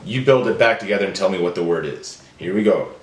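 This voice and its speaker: A man leading a phonemic awareness drill for children, stretching each word out slowly and clearly. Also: sits low, echoey room. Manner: slow, drawn-out, deliberate enunciation. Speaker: teacher.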